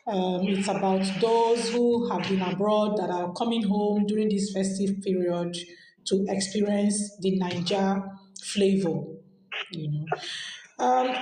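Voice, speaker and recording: A woman chatting as a podcast host, her voice sitting a little high and moving at an unhurried pace. She often stops and restarts phrases while she works out her thought. The recording has a strong echo from the room. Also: a little mellow, slight background noise. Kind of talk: casual chat. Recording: very echoey room.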